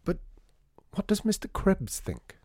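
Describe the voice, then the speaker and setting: Brief: man playing a flustered, stammering guy, pitched a bit higher. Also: huge pitch swings, measured pace, a little mellow, slightly rough, dry recording, studio quality, heavily acted. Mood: unsure. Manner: stammering and unsure. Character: hesitant, polite man, easily flustered.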